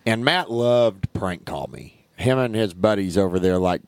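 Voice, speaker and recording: A man tells a story on a casual chat show with a dry, wry wit. His voice sits on the low side and sounds close and dry, with no echo. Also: animated, unhurried, gravelly. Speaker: podcast co-host.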